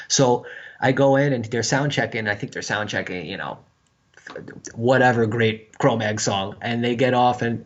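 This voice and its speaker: A middle-aged man from New York, a musician guest telling a story in a casual podcast interview, animated and profane, with a lot of fillers. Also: mid-range voice. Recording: slightly dull lo-fi sound.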